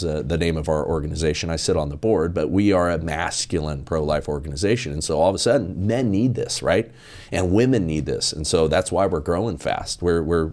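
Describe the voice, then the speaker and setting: A man's voice: low voice, darkish tone. A man talking as a podcast guest in an emphatic, preachy way, hammering his points with repetition. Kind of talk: podcast interview.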